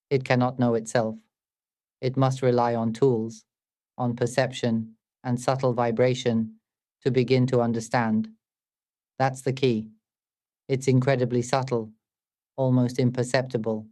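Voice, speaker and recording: Calm man with a flat, even delivery. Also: mid-range voice. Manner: calm and measured, asks many rhetorical questions. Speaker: spiritual teacher. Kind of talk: meditative dharma talk.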